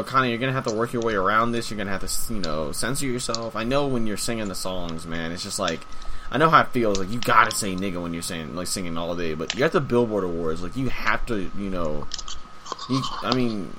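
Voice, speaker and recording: A young man co-hosting a podcast, talking in casual, profane, animated bursts. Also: fairly low pitch, fairly quick, background noise. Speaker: podcast co-host. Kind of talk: casual chat.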